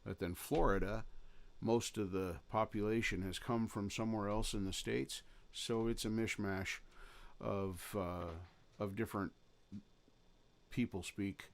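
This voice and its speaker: A man chatting casually with his viewers during a late-night live stream, rambling and halting, with many fillers and restarts. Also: fairly low pitch, fairly even intonation, vocal fry. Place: his home in the lower Pacific Northwest. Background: his own guitar playing in some parts.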